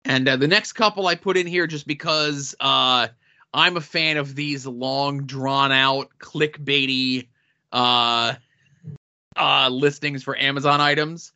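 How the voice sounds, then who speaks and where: A man co-hosting a casual podcast, reading listener notes and product listings in a dry, deadpan way. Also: medium pitch, takes it slowly. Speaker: podcast co-host. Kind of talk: casual podcast chat with sponsor reads. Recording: dull lo-fi audio.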